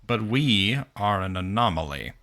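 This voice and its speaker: A man's voice: fairly low pitch, expressive, unhurried, pushed and bright. A man playing a tabletop role-playing game, wry and theatrical in tone. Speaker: player. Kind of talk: tabletop game play, casual chat.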